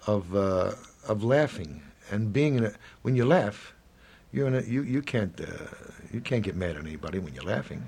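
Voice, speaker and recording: A man's voice: fairly low pitch, vocal fry, a little mellow, breathy edge. A man in his seventies in an interview, rambling and reflective, acting out little quoted dialogues as he talks. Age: 70s.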